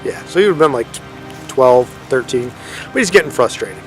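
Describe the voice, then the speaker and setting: A man's voice: medium pitch, animated, a little fast, soft background music. A man in his thirties telling a ghost story in a casual, rambling way outdoors in a forest, often correcting himself and using lots of fillers. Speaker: paranormal storyteller vlogger.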